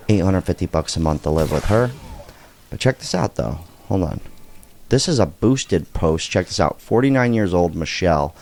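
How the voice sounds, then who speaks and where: A middle-aged man hosting a casual reaction video, talking in an animated, blunt way and swearing freely. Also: sits low. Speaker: commentary video host.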